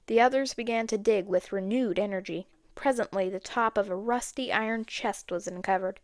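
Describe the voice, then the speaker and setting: A woman's voice: a little high, fairly quick, hardly any pauses, no echo. Woman narrating an audiobook, dry sound. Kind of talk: storybook narration.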